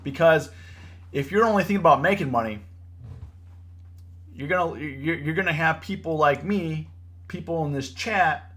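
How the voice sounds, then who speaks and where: A young man with a fairly high voice and a breathy edge hosts a live trading stream at normal speed, pausing often. His casual commentary turns animated and preachy as he lectures, full of repetition, "bro," and "you know."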